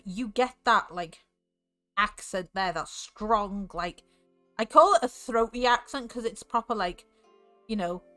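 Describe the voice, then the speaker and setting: A woman's voice: a little high, sharp tone, smooth. A woman from north Wales with a North Welsh accent, chatting casually on stream in a rambling way, full of fillers. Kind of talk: casual chat.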